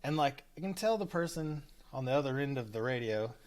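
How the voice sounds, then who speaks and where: Man, thirties, podcast co-host, casual storytelling, animated, curses freely, mid pitch. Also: fairly quick. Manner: animated, acts out quotes with cursing.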